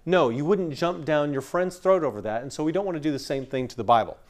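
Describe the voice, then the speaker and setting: A man's voice: on the high side, fast talker. A man from West Texas teaching scripture to a room of people in a conversational lecture, explaining through everyday stories. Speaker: Bible teacher. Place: room with an audience.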